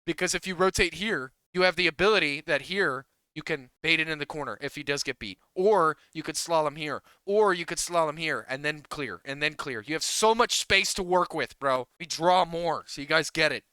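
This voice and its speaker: In a dry recording, a man with a fairly high, sharp yet clean voice coaches players. His session turns into a profane, exasperated rant delivered fast and full of repetition.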